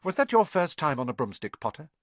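A man's voice: a little high, big pitch swings, quick pace, fairly bright tone, dry recording, pitched above the performer's own voice. A man voicing a stern older female professor, with a clipped, commanding way of speaking, in an audiobook reading. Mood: brisk, stern.

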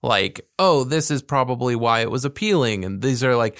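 A man's voice: mid-range voice, animated, normal speed, fairly bright tone, no echo, studio quality. A man co-hosting a podcast, chatting casually about music in a rambling way full of fillers. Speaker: podcast co-host.

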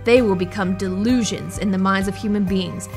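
A woman's voice: mid-range voice, steady tone, normal speed, music in the background, lightly acted. Gamork, a cruel werewolf, as a woman reads him. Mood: menacing. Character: cruel, menacing male werewolf.

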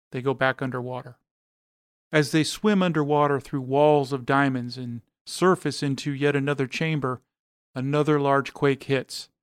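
A man reading an action story aloud as narrator, in a steady, even delivery. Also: medium pitch, clean tone, no echo, clean studio sound.

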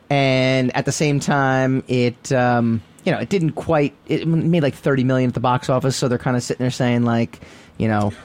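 A man's voice: fairly high pitch, darkish tone. A man co-hosting a movie talk show, chatting casually with many fillers and restarts. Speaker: co-host.

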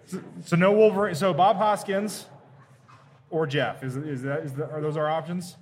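Man, podcast co-host, slightly high voice, stammering restarts, live at a convention, faint background hum. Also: steady tone, normal speed. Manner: steers the talk, stammering restarts. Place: comic convention floor.

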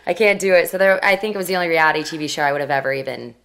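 Low-voiced young woman telling stories. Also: racing, creaky, smooth. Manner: animated, acts out quoted voices. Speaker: interview guest. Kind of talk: casual storytelling.

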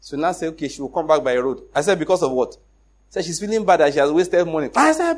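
A middle-aged Nigerian man with a Nigerian accent tells a personal story in a casual, animated way, acting out the dialogue and laughing often. His voice is fairly high and he speaks fast.

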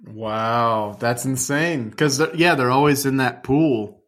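A man co-hosts a comedy podcast, trading casual banter, riffing loosely, rambling, and correcting himself mid-thought. He speaks slowly at a medium pitch.

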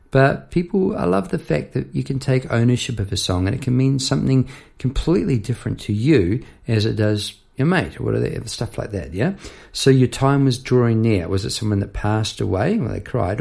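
A man's voice: lowish voice, creaky, darkish tone. A man hosting his own podcast, casually musing aloud about writing a song, asking himself questions and reading out his lyrics. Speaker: songwriter and podcast host. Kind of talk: casual solo podcast talk about songwriting.

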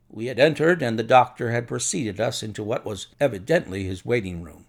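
A man narrating a classic detective story in a measured, expressive reading. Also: medium pitch, creaky. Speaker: audiobook narrator. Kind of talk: scripted narration.

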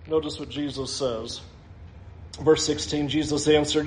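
A male pastor preaching a sermon, animated, acting out the quotes he reads with shifting voices. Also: on the high side, moderate pace, reverberant.

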